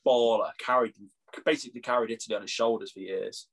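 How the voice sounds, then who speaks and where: A man's voice: mid-range voice, steady tone, fast talker. A young English man co-hosting a casual sports podcast, joking and laughing often. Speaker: podcast co-host. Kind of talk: casual chat.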